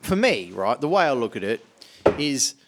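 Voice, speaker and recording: A man's voice: mid-range voice, big pitch swings, normal speed. A man in casual podcast chat, blunt and heavily profane, ranting animatedly about his views. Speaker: podcast co-talker.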